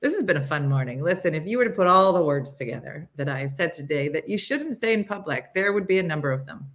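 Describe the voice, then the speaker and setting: A woman's voice: low-pitched, expressive, fast. A woman hosting a casual morning live stream, chatty and rambling, laughing often and reading viewer comments aloud.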